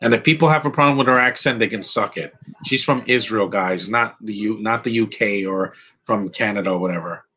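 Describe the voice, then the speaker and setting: A man's voice: lowish voice, fairly quick, pushed and bright, husky, poor audio. A man giving a rambling, opinionated live commentary over a film, restarting his sentences often. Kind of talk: casual live movie commentary.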